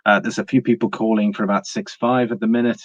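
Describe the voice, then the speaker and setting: A British man hosting a casual stream talks quickly in a lowish, level voice, reading viewer comments and rambling through his opinions. He keeps saying "uh," uses lots of fillers and restarts often, all in dry, slightly dull lo-fi audio.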